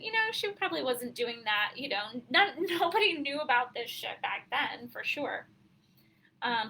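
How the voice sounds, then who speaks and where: A woman coach talking casually on a live stream, chatty and candid and quick to laugh. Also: fairly high pitch, sharp tone, a little hiss or hum, low-quality recording.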